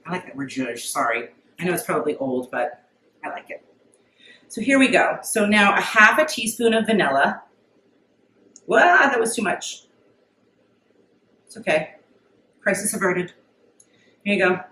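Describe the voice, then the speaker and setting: A woman's voice: lowish voice, very animated, moderate pace, pauses often, pushed and bright, echoey room, far from the mic, a little hiss or hum, rough recording. A middle-aged woman chatting casually as she demonstrates a recipe at home, folksy and talkative. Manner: chatty, folksy, says okay often. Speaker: home cooking vlogger. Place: home kitchen.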